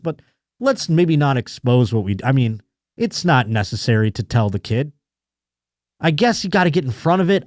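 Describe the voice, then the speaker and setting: Male podcast host, mellow tone, crude sarcastic riffing, dry close mic. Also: mid-range voice, dry recording. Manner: crude, sarcastic riffing between read-out articles. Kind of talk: casual comedic chat reading news stories.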